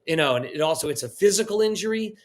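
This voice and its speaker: A man's voice: high voice, lively intonation, fast. A man, a restaurant founder on a live panel, speaking in a conversational, reflective way.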